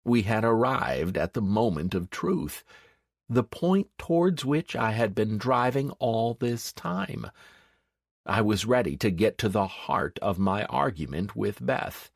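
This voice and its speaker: A man narrating a first-person fantasy audiobook in an expressive, dramatic manner. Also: fairly low pitch, measured pace, creaky, no room sound, studio quality.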